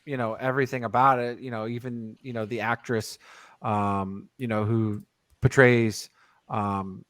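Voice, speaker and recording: A man's voice: mid-range voice, little pitch movement, measured pace, a bit bright, no echo, clean studio sound. A man co-hosting a podcast in casual chat, rambling and digressive with lots of fillers. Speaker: podcast co-host.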